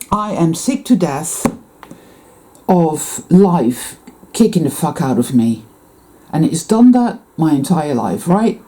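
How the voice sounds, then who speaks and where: A woman with a lowish, mellow voice that swings widely up and down as she rambles to her viewers. She swears freely and breaks off with heavy sighs, and her talk stays intense and unscripted. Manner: profane, intense, sighing. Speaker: spiritual vlogger. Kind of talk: rambling monologue to camera.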